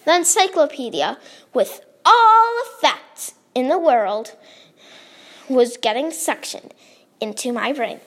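A woman reading her own story aloud in a lively, expressive way. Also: high voice, slow pace.

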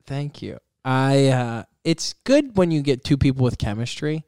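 A man's voice: mid-range voice, lively intonation, moderate pace, a little mellow, clear, resonant tone, no room sound, studio quality. A man guesting on a podcast as a touring comedian, rambling and teasing with lots of fillers. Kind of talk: casual podcast banter.

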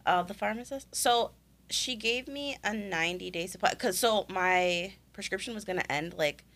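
A woman's voice: mid-range voice, normal speed, fairly bright tone. A young woman in casual, self-mocking chat with a friend, telling a story and laughing easily.

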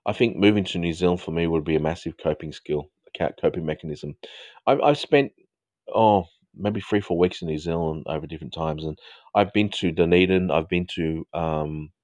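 A man in his fifties hosting a live stream, chatting casually with viewers in a rambling way and quick to laugh. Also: sits low, a little mellow, dry recording. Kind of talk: casual live chat reading viewer comments.

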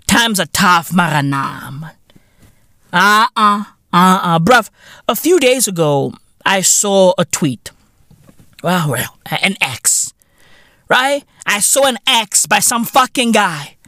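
A South African man hosting a podcast, ranting comically with profanity, repeating himself in loud disbelief. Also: sits high, animated, slow, no room sound, studio quality. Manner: loud, incredulous, repeats himself, swears constantly. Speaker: podcast host. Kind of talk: profane comedic rant.

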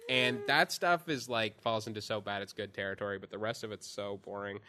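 Bright-voiced man reviewing a film. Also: lowish voice, steady tone, fairly quick. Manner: rambling, chatty, full of fillers. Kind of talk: casual chat.

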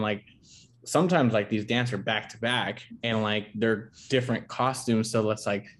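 A young adult man in casual chat, easygoing and rambling, often restarting his sentences. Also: lowish voice. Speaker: dance dad, podcast guest.

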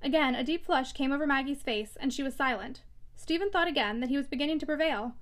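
Female audiobook reader, high voice, measured expressive narration. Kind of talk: reading a classic novel aloud.

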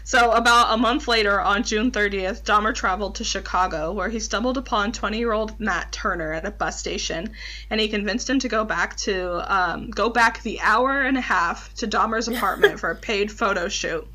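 A woman's voice: medium pitch, moderate pace, bright, forceful tone, low-quality recording. A woman co-hosting a casual true-crime chat, reading case notes with fillers and the odd laugh. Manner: laughs between points, fillers like um. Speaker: podcast co-host.

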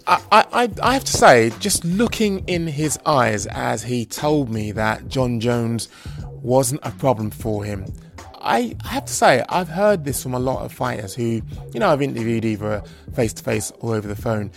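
A man hosting a casual chat, measured and thoughtful, with some hesitant restarts. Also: medium pitch, lively intonation, vocal fry. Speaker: podcast host and interviewer. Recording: dull lo-fi sound with faint music.

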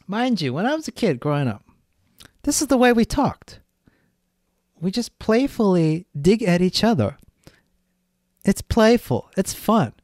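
A man's voice: sits high, very animated, unhurried, long pauses, a little mellow, no echo, clean studio sound. A man hosting a solo podcast, talking bluntly and ranting with frequent swearing. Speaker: podcast host.

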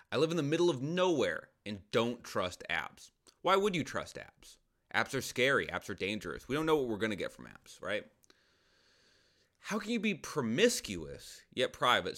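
Bright-voiced man riffing joke advice. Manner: absurd deadpan advice, muttered asides, sudden falsetto jokes. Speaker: comedian answering listener questions; personal trainer. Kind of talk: comic advice podcast.

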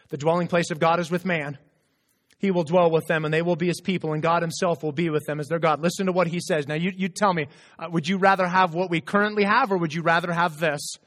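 High-voiced male pastor in a reverberant hall. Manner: earnest and animated, with stammered restarts. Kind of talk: sermon. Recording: long reverb of a large hall.

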